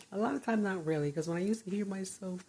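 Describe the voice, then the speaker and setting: A woman's voice: medium pitch, brisk, warm tone, slight background noise. An older retired woman chatting casually from her bedroom, rambling and laughing often. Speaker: vlogger. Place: her bedroom, door closed.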